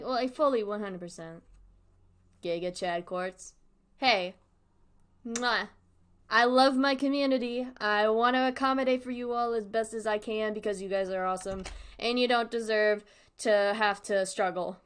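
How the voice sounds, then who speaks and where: A woman's voice: medium pitch, moderate pace, clear, resonant tone. A woman streamer chatting casually and digressively while reacting to a horror series, often breaking into laughter. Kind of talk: casual live-stream commentary.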